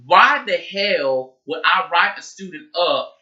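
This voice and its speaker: Male vlogger, animated storytime, cusses freely; sharp, bright tone. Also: sits high, takes it slowly, dull audio. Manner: animated, profanity-laced storytelling. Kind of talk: casual storytime vlog.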